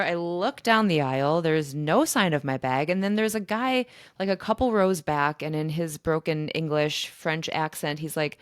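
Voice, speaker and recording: A woman podcast host telling a personal story in a chatty, animated way. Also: low voice, moderate pace, few pauses, dry recording, clean studio sound. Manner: chatty and animated, with fillers and laughs. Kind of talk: casual storytelling monologue.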